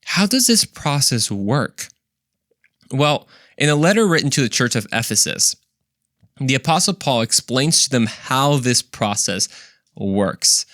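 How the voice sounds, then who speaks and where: A man hosts a faith talk show, and his pitch swings widely as he speaks. His delivery is conversational and full of exclamations. The recording is close and dry, with no room sound. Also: sing-song, measured pace, a bit bright, no echo. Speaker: host.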